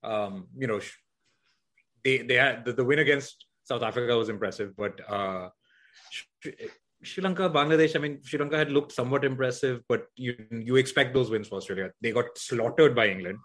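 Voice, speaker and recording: A man's voice: mid-range voice, normal speed, a bit bright. A man co-hosting a podcast in casual cricket chat, rambling with many restarts and hedges. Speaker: podcast co-host.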